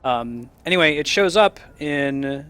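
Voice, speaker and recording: A man's voice: on the high side, expressive, measured pace, fairly bright tone, clear, resonant tone. A young man from the United States, a game streamer chatting casually over gameplay and telling rambling anecdotes with frequent chuckles.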